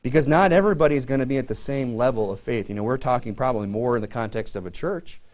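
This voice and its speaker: A man's voice: mid-range voice, fast, a little mellow. A middle-aged man preaching a sermon to his church in a conversational way, full of "you know" fillers. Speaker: pastor.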